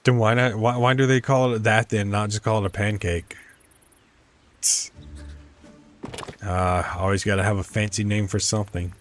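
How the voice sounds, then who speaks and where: In this clip a streamer's lowish, level voice moves at normal speed, broken by long pauses, with soft music behind him. He's playing a life-sim game and offering loose commentary, musing aloud and fumbling words as he tests pronunciations.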